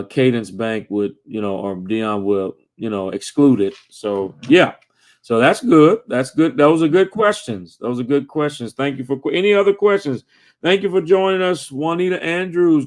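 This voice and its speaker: A man hosting a live video chat, reading out viewer questions and greeting viewers by name in a halting, friendly way. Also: mid-range voice. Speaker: host. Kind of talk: casual livestream chat.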